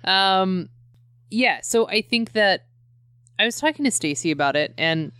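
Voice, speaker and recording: A woman's voice: mid-range voice, lively intonation, a little slow, a bit bright, clear, resonant tone, no echo, clean studio sound. A woman in her thirties chatting casually as a podcast co-host, rambling with many fillers and restarts. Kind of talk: casual chat.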